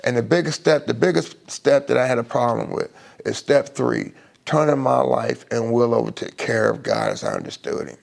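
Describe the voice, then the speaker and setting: A middle-aged man sharing his recovery story in an emotional personal testimony on a live stream, halting often and restarting his sentences. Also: mid-range voice, very animated, gravelly. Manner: halting, with many restarts and fillers.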